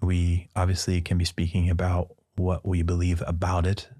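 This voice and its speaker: A man's voice: low voice, monotone, moderate pace, dark tone. A man, a priest and podcast guest, telling a personal story in casual conversation and acting out the dialogue with playful asides. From Midwestern United States.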